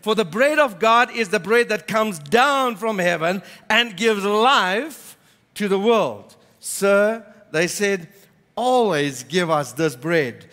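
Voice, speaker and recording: A man's voice: high voice, animated, slow, a bit bright, long reverb tail. A man preaching a sermon, reading scripture aloud and then explaining it with emphatic repetition. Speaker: pastor. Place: church.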